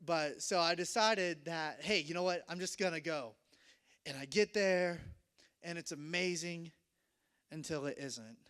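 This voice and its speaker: A young man telling a self-mocking story to an audience, animated and laughing often. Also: fairly high pitch, measured pace, clear, resonant tone.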